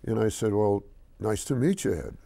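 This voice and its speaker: A low, gravelly older man tells a long story in a TV interview. His voice is dark and mellow. He stumbles and restarts, then acts out the voices of the people in it. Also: normal speed. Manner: animated storyteller, hesitant with restarts. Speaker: interview guest, company chairman.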